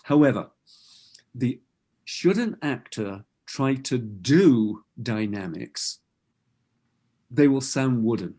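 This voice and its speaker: Mellow-voiced man coaching on speaking. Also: medium pitch, expressive, slow pace, long pauses. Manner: explanatory, with demonstrated example phrases and frequent restarts. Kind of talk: webinar talk.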